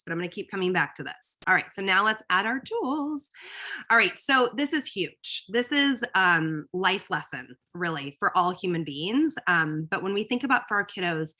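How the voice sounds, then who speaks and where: A middle-aged woman gives a lively, emphatic presentation to parents as a coach. Her voice is bright and forward, and she keeps checking in with her listeners as she goes. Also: medium pitch. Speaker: parent coach giving a talk.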